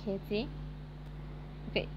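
A young woman from Egypt streaming a game, talking haltingly with many fillers and shrieking in surprise. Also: noisy background. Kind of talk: live game commentary.

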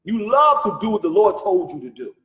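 A man's voice: high-pitched, sing-song, fairly quick, fairly bright tone, roomy sound, muffled recording. A man leading a Bible study, speaking emphatically and firing off rhetorical questions. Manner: calls the reader brother. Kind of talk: animated religious teaching.

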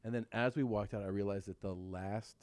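A man's voice: lowish voice, steady tone, fairly quick, darkish tone. A man on a podcast telling rambling anecdotes, acting out the lines of the people in them. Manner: rambling storyteller, acts out quoted lines.

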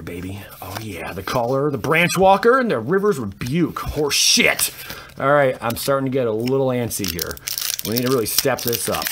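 A man giving casual, excitable commentary while opening card packs, grumbling and swearing to himself. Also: medium pitch, background noise.

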